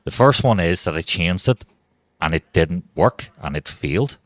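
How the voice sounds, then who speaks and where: A man with an extremely deep, low voice chats through a live game stream, rambling from one thought to the next and swearing freely. The sound is dry and close, with no room around it. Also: lively intonation, normal speed, no echo. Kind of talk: casual live-stream chat.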